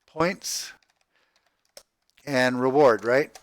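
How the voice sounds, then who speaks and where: A man walking through his project spreadsheet on screen, thinking aloud in a halting, rambling way, repeating words and tagging sentences with "right?". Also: mid-range voice, dry recording. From Texas, USA. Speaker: crowdfunding project vlogger. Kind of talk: rambling screen-share walkthrough.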